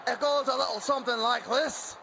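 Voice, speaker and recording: A man playing the sidekick in a wrestling show segment, gruff and bickering. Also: very high voice, steady tone, a little fast, noisy background.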